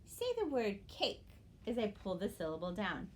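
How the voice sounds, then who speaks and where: A woman's voice: mid-range voice, sing-song, a little mellow, a little hiss or hum. A woman teacher leading an early-grade phonics lesson, speaking to young students in an encouraging way and drawing out the words she models. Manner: slow, drawn-out modeling of words.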